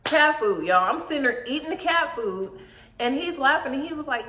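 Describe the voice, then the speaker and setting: A young woman tells a casual storytime vlog in a chatty, animated way, her voice sitting a little high. The sound bounces around an echoey room. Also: a little fast. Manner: chatty, animated retelling with slang. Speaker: YouTube vlogger.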